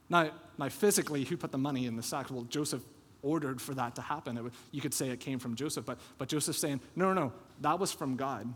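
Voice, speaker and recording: A man preaching a sermon as pastor, telling a Bible story with lively acted-out quotes. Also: medium pitch, fast, husky. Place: church sanctuary. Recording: long church hall reverb.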